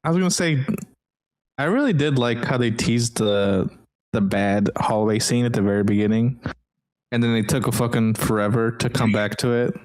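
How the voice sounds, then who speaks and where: A man's voice: mid-range voice, steady tone, a little mellow, rough recording. Laid-back man chatting among friends. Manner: laid-back, halting, profane. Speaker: podcast co-host. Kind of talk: casual chat.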